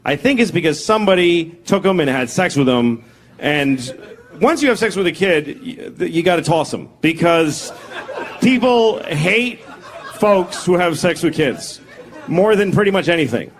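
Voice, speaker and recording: Guy in his 40s doing standup, dry self-mocking delivery, loud crowd laughing around him. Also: on the high side, moderate pace. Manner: deadpan, self-deprecating, acts out bits in character voices. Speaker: stand-up comedian. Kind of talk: stand-up comedy set. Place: comedy stage before a live audience.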